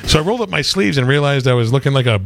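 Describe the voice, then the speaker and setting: A man's voice: mid-range voice, expressive, racing, gravelly, a bit bright, no room sound. A man co-hosting a talk radio show, chatting casually with many restarts and fillers. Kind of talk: casual on-air banter.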